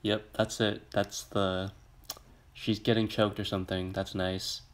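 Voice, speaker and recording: A young man livestreams himself reacting to music videos and reading comments aloud while pop music plays in the background. He talks in a flat, low-key monotone, unhurried, rambling and filler-heavy, with background noise.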